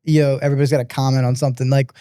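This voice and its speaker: Fast-talking man co-host. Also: mid-range voice, level tone, dark tone, clean tone. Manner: quick, casual, repeats words. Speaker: co-host and producer. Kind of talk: casual chat.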